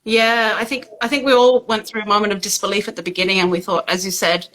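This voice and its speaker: An upbeat woman hosts a casual live video chat, her voice bright and forward. She keeps the conversation friendly and light, with a middle pitch. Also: steady tone, quick pace, low-quality recording. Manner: upbeat and warm, with frequent laughs. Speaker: host. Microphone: video call.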